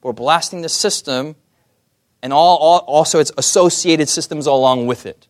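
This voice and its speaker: Man, young adult, preacher, sermon, question-and-answer delivery, fairly high voice. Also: a little fast, a bit bright. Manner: asks the audience questions, calls for amens.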